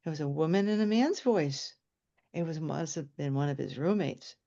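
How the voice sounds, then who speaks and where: A woman telling a personal story on stage in an animated way, jumping into high excited voices when quoting. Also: normal speed, vocal fry, dull audio.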